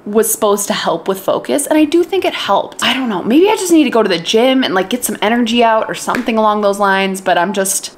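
Lively, chatty young woman vlogging at home. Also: fairly high pitch, a little hiss or hum. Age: late 20s. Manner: chatty and expressive, with frequent "like" fillers. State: tearful and emotional at times. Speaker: book vlogger. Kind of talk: casual vlog chat to camera.

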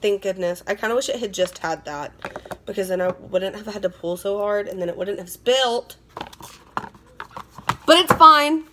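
Heavy background noise accompanies a young beauty vlogger as she unboxes beauty products at home, speaking fairly quickly at medium pitch. Her chat is bubbly, gushing and full of repetition.

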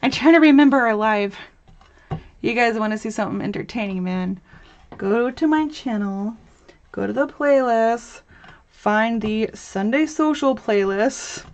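A woman's voice: a little high, a little slow. A young woman hosting a live crafting tutorial, chatty and bubbly, chatting with viewers as she works and laughing often. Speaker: host of a crafting livestream.

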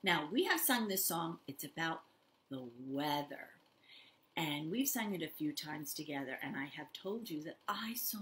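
Animated sing-song older woman. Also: lowish voice, moderate pace, a little hiss or hum. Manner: animated, sing-song, talks directly to small children. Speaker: children's librarian. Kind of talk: toddler story time and sing-along.

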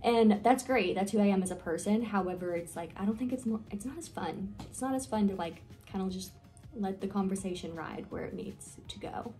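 A young woman vlogger chats casually in a get-to-know-me video, rambling with plenty of fillers and self-deprecating asides. She sounds nervous and has hiccups, her medium-pitched voice brisk and mellow over soft background music.

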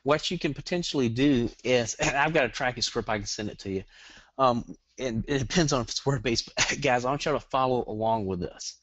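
A middle-aged man with a Southern US accent giving a webinar lesson, talking fast and rambling with jokes. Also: medium pitch, fairly bright tone, no room sound. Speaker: guest webinar trainer. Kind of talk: online marketing webinar. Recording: dull lo-fi dry webinar audio.

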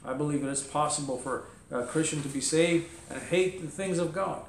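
A man's voice: a little high, moderate pace, a little hiss or hum. Emphatic preacher man, echoey church. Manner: emphatic, rhetorical questions, mock objections. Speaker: pastor. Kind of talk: sermon.

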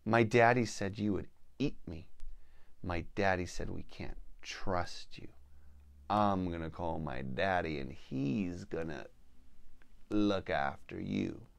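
Man putting on a shy unsure little girl, hesitant and rushed, dry close sound. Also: sits low, creaky, no echo, pitched below the performer's own voice, heavily acted. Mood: wary. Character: young girl, unsure and lonely.

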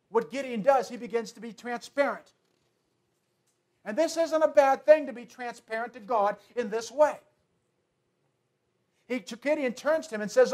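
A pastor with a notably high voice preaches to his congregation. He leans hard on repetition, shifts between hushed asides and ringing declarations, and keeps the tone earnest throughout. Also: normal speed, pauses often. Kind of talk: sermon.

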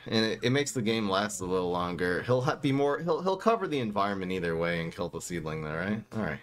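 A man giving casual commentary as he plays a card game, swinging between low muttering and exasperated outbursts. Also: big pitch swings, quick pace, soft background music. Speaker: gaming streamer.

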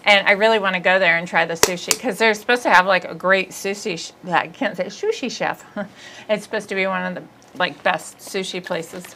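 A woman hosting a podcast in casual comedic chat, rambling, giggly and quick to poke fun at herself. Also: medium pitch, fairly even intonation, background noise. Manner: rambling, giggly, self-deprecating. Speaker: podcast host.

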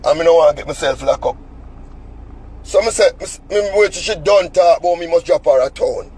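Husky, high-voiced Jamaican man cussing. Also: fairly quick, a little mellow, low-quality recording. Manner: heated, cussing, heavy patois. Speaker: vlogger. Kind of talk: angry storytelling rant.

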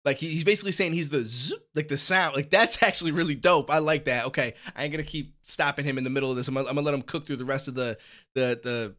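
A man's voice: on the high side, fairly even intonation, racing, a bit bright. A man hosting a music reaction video, talking in a casual, rambling, enthusiastic way with a stuffy, nasal voice. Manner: rambling, enthusiastic, many restarts. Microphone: studio podcast microphone.

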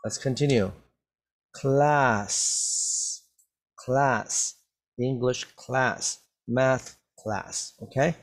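Slow, deliberate male English teacher. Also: medium pitch. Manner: very slow, carefully enunciated, repeats words for learners. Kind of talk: slow classroom reading and vocabulary drill. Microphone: wears a mask while talking.

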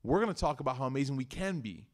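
A man's voice: mid-range voice, animated, very fast. A man leading a community study circle, giving a casual religious talk that mixes teaching with personal stories. He speaks conversationally and jokes, often restarting his sentences. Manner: conversational and joking, with frequent restarts.

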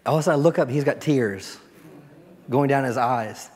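A pastor giving a storytelling sermon, dropping to a soft, quiet voice when he prays. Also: mid-range voice, moderate pace. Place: church sanctuary. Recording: long church reverb.

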